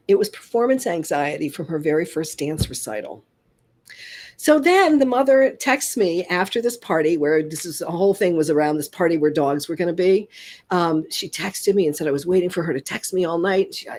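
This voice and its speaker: Lively husky-voiced woman guest. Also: fairly low pitch, a little fast. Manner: animated storyteller, enthusiastic. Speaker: guest hypnotist. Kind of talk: casual interview chat.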